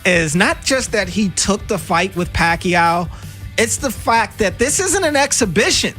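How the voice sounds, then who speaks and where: A high-pitched man with a Baltimore accent talks sports on the radio in animated, emphatic bursts, full of quick asides. Faint music plays under his voice in the studio. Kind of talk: casual sports radio banter.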